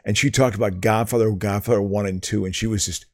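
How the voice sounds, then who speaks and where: A man co-hosting a podcast in casual chat, talking loudly, often yelling and laughing into a studio microphone. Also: on the low side, fairly even intonation, fast talker. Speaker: podcast co-host.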